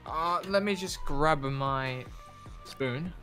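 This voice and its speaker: A young man bantering over voice chat during a game, dry and deadpan. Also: on the high side, takes it slowly, over music. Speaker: friend in voice chat. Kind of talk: casual gaming chat.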